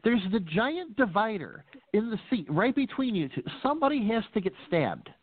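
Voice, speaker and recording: A man's voice: high voice, sing-song, moderate pace, slightly rough, dry recording. A man joking wryly in a casual chat. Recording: phone-like audio.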